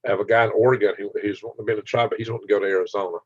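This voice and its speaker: A man's voice: on the low side, steady tone, very fast, darkish tone, dry recording, muffled recording. An older man hosting a casual livestream, rambling and laughing as he answers viewers' comments by name. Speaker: channel host reading live chat.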